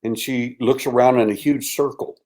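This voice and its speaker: In an interview, the older male guest tells an animated story, acting out quoted lines and sometimes going quiet and hushed. His voice is medium in pitch and moderate in pace.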